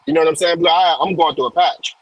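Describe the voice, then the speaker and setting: A man's voice: on the high side, steady tone, fast talker, dry recording, lo-fi sound. A man calling in to a casual boxing chat, speaking emphatically and repeating his points. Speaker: guest on call.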